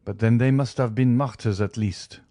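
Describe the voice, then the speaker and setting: A man's voice: fairly even intonation, moderate pace, warm tone, no echo, studio quality, natural voice. A man voicing a starving old male banker held prisoner, pleading in a raised, desperate voice. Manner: desperate, high-pitched begging.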